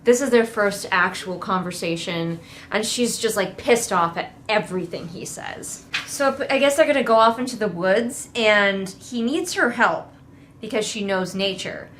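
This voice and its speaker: A woman's voice: mid-range voice, normal speed, fairly bright tone, slight background noise. A woman giving a casual, sarcastic book critique, swearing freely and mocking the characters. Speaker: book reviewer.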